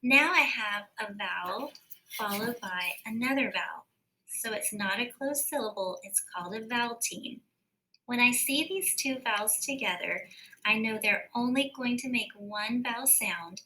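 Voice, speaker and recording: Bright-voiced woman teaching phonics. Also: medium pitch, poor audio. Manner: slow, careful sounding-out of words. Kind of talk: recorded phonics lesson.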